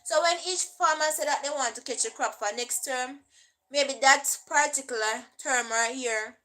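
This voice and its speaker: A woman's voice: sits high, moderate pace, bright, forceful tone, rough recording. A young Jamaican woman vlogger explaining things in a casual, chatty way and often checking in with "right?".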